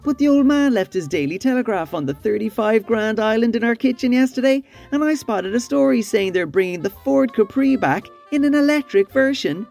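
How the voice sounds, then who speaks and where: A woman's voice: on the high side, expressive, a little fast, vocal fry, hardly any pauses, darkish tone, faint music behind. A woman voicing a posh young male rich kid who wants to seem common, in a comedy radio sketch, with a drawling slangy manner. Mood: smug.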